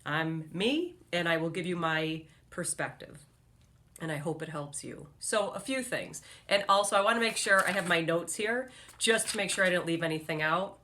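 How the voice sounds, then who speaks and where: A woman's voice: lowish voice, normal speed, sharp tone. A woman hosting a motivational video blog, speaking straight to camera in an upbeat, earnest way and coaching her viewers. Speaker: motivational speaker and vlog host. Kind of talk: direct-to-camera motivational vlog.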